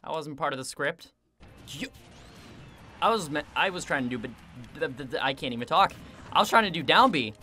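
A man commenting on his own gameplay in a casual, excitable way, mocking himself and venting when things go wrong. His voice sits a little high and rings bright and sharp, with faint music playing underneath. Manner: excitable, self-mocking, quick to vent. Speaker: gaming video creator.

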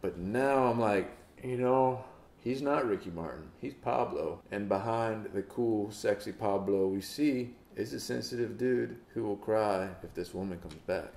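A man's voice: on the low side, unhurried, gravelly, a little mellow. A man hosting a music reaction video, chatting casually and playfully mock-quoting the singer. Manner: playful, mock-quotes the singer in put-on voices. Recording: roomy echo.

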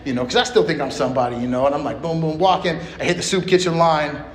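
At a recovery meeting, a man shares his personal story bluntly, using profanity and street slang. His voice is on the high side and quick, recorded in an echoey meeting room with heavy background noise.

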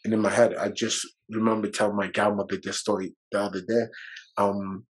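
A man's voice: on the low side, little pitch movement, fairly quick, slightly rough, low-quality recording. A man guest on a podcast, telling a personal story in a loose, rambling way, with fillers and swearing, emotional and at times near tears.

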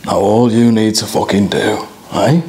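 A man's voice: fairly even intonation, a little slow, dark tone, close to an everyday voice. A man playing a menacing, impatient gang boss who swears constantly, speaking in a comedy sketch. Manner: low, clipped, swears constantly, ends lines with "eh?". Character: menacing gangland boss running auditions, gruff and impatient.

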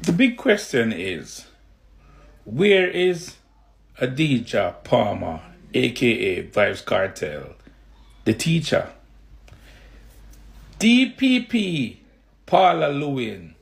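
A man with a Jamaican accent, asking questions in slow, drawn-out commentary. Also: mid-range voice, vocal fry, fairly bright tone. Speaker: vlogger being reacted to.

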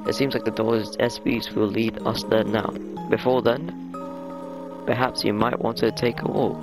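A man voicing a kind, motherly female goat monster from a video game, speaking slowly and formally. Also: lowish voice, level tone, lightly acted, low-quality recording. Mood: caring. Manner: slow, measured, formal diction. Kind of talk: voicing game dialogue aloud. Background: game music.

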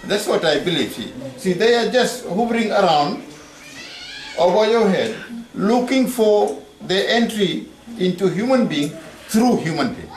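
A man's voice: high voice, sing-song, a little slow, slight background noise. A man, a pastor, speaking and reading scripture at a mission training, telling stories with a chuckle. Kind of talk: sermon contribution and scripture reading. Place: church hall with congregation. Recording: echoey hall, distant mic, crowd behind.

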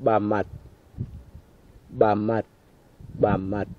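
A man from the Wadeye area of northern Australia, slowly repeating single words three times each for a field recording. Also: on the low side, flat delivery. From Wadeye area, Northern Territory, Australia. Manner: says each word three times, slow and deliberate. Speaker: language speaker repeating words. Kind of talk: slow careful word repetition for recording. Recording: tinny lo-fi 1990 field tape.

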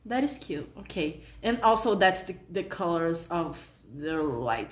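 A woman hosting a reaction channel, reacting out loud to a fan video in an expressive, exclamatory, chatty way. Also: lowish voice, unhurried, few pauses, echoey room.

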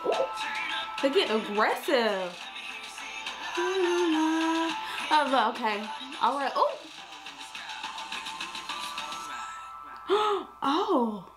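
A flustered young woman reacts aloud on camera, her voice sitting a little high and her delivery slow and drawn out. Her exclamations tumble over each other as she keeps talking to herself, with faint music playing underneath. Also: very animated. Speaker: reaction video host. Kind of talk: casual reaction commentary.

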